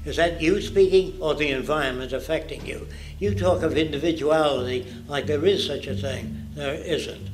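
A man's voice: fairly high pitch, normal speed, a little hiss or hum, rough recording. Blunt elderly man lecturing. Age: 90s. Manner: blunt, provocative. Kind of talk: public lecture.

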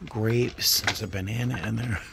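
A man with a low, gravelly voice drawls slowly through a vlog as he browses antique shops. He gushes and muses aloud, often sinking into a soft near-whisper, with faint shop murmur behind him. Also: steady tone, background noise. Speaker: vlogger. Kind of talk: casual vlog narration while shopping.

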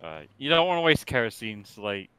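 A man sitting in on a game stream, giving quick, dry tips and advice in casual chat. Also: mid-range voice, very animated, bright, forceful tone, clean tone, dry recording. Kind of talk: casual chat over gameplay.

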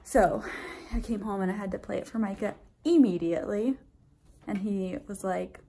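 A woman's voice: medium pitch, normal speed, gravelly, dark tone, a little hiss or hum, low-quality recording. A woman vlogging casually at home, chatty and gushing. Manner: chatty, gushing, baby-talks to her dog. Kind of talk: casual vlog chat.

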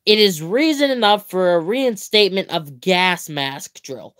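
A young man reads a comic book aloud on a livestream at an unhurried pace, playful and theatrical. He stretches words out, stumbles and corrects himself, and breaks off into chatty asides before going back to the page. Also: sits high, lively intonation, fairly bright tone. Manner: playful, theatrical reading with mock-grand exclamations. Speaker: livestream host.

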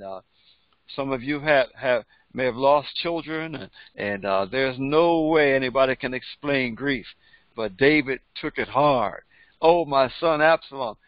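This pastor and Bible teacher reads scripture aloud, then explains it in plain, conversational speech, often repeating words as he goes. His voice is medium-pitched, and the recording is dry with dull audio.

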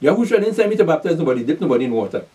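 This preacher's fairly high, mellow voice runs rapid-fire and sing-song, captured far off the mic. Teaching his sermon, he reads scripture and then explains it in street slang, answering his own questions and repeating "pay attention."

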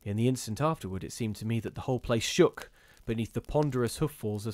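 A man reading a gothic ghost story aloud in a measured, steady storytelling manner with occasional brief restarts. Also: mid-range voice, no room sound. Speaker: reader of ghost stories.

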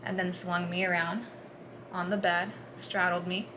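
A woman vlogger recounting a personal story in an earnest, halting way, dropping to a hush and then pushing hard. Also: lowish voice, flat delivery, background noise. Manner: earnest, halting, swings between hushed and forceful.

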